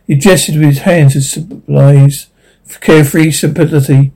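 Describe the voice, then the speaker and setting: A man narrates a short story aloud, stumbling now and then and restarting words. His voice is husky and mellow, and it sits a bit higher than most men's. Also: steady tone, moderate pace, poor audio.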